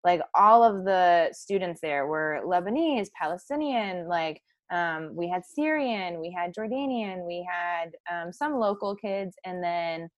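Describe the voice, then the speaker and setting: A woman's voice: lowish voice, animated, a little slow, hardly any pauses, dry recording. A woman in her twenties from the United States, chatting as a podcast guest and filling her talk with "like". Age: 20s. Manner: chatty, lots of "like" fillers. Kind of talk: casual interview chat.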